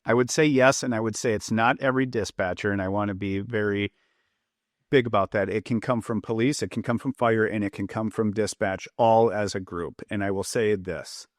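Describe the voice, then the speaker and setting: Speaking at a moderate pace with fairly even intonation, this man has a lowish voice captured in clean, echo-free studio sound. He's a public safety trainer and ex-police officer with an Upper Midwest American accent, explaining things in a podcast interview and acting out quotes to illustrate tone.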